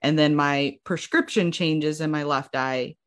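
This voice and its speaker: A woman's voice: low-pitched, unhurried. A young woman in her twenties casually telling her own story, acting out what people said and using lots of "like". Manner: animated, acts out quotes with lots of "like". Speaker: guest sharing her story.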